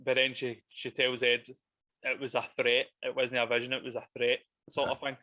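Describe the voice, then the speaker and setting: A man's voice: medium pitch, completely flat delivery, moderate pace, pushed and bright, dry recording, lo-fi sound. A man in casual, sweary chat about a horror film, laughing often.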